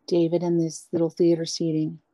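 A woman being interviewed as a guest singer, talking candidly and at length, animated, acting out the people she quotes. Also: low-pitched, fairly quick, dry recording. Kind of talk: candid storytelling chat.

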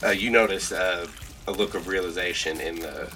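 A man runs a tabletop horror game, his voice very deep yet bright and forceful in tone. He narrates in halting, filler-laden sentences over a faint background hiss. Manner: halting, many fillers, describes slowly. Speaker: game master.

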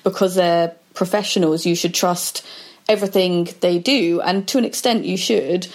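A woman in a relaxed podcast conversation, telling stories in a chatty way and acting out what people said. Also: on the low side, moderate pace. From Britain. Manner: chatty storyteller acting out quoted dialogue.

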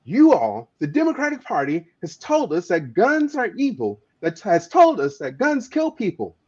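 A man's voice: high-pitched, wildly swooping pitch, normal speed, darkish tone, breathy edge. A man speaking as an activist guest, telling a story with passion and often stumbling over repeated words. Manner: emphatic, stammering repeats of words. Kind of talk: impassioned storytelling in conversation. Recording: dull lo-fi audio.

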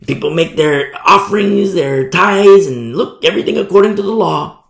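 A man preaching a sermon, animated storytelling that acts out the people in it. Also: a little high, moderate pace, vocal fry, echoey room. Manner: animated storytelling, acting out voices.

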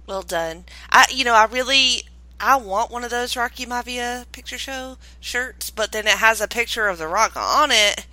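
A woman's voice: fairly high pitch, moderate pace, pushed and bright, dry recording, low-quality recording. A woman hosting a podcast, bantering wryly and laughing with her guest. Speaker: podcast host. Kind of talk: casual podcast chat.

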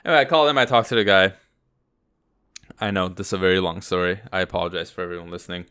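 A man's voice: low-pitched, steady tone, fast talker, bright, forceful tone, clear, resonant tone. A man co-hosting a podcast, telling a long personal story in a rambling, casual way. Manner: rambling anecdote with acted-out quotes. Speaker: podcast co-host.

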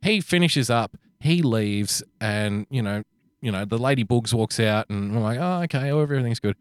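Animated man telling stories. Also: mid-range voice, moderate pace, clear, resonant tone, no echo, clean studio sound. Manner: swearing, animated storytelling with quoted voices. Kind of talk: casual storytelling chat.

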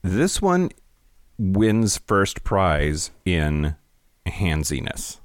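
Man, podcast co-host, very low voice, expressive pitch, animated storyteller, casual chat. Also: extremely slow, no room sound, studio quality. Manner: animated storyteller, ends points with "right?".

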